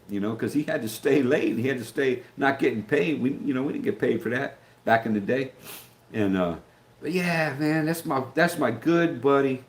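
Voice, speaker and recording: An older man, chatting casually on his live stream, rambling with many fillers and restarts. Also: medium pitch.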